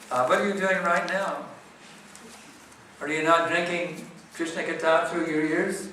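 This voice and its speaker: A man's voice: a little high, steady tone, measured pace, sharp tone, distant mic, slight background noise. A man giving a devotional morning class and answering questions, speaking conversationally with frequent rhetorical questions, in a temple hall. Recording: echoey temple hall, speaker set back from the mic.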